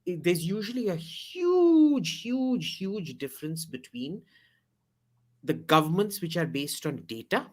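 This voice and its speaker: A man's voice: sits high, sing-song, measured pace. A man appearing as a podcast guest, giving blunt, opinionated commentary and repeating words for emphasis.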